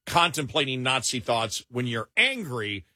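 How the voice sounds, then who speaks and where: A man's voice: medium pitch, unhurried, dry recording, clean studio sound. A man co-hosting a talk show, chatting casually and sarcastically, laughing often. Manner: animated, laughing, sarcastic, stumbles into restarts. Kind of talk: casual chat.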